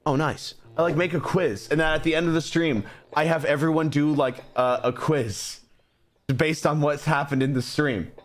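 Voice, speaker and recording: A man's voice: on the high side, normal speed. A young man streaming a game live, rambling and joking as he plays. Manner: rambling, excitable, jokey. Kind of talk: live gameplay commentary.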